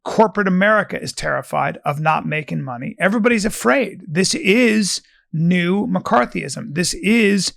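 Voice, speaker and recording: A man's voice: high-pitched, animated, normal speed, gravelly, fairly bright tone, dry recording, clean studio sound. A man telling blunt, profane stories in a casual podcast chat. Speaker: podcast host.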